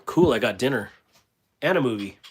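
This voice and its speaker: A man's voice: mid-range voice, animated, moderate pace, a little hiss or hum. Rambling man hosting a casual livestream. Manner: rambling, with many fillers and restarts; reads viewer comments aloud and answers them. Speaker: livestream host.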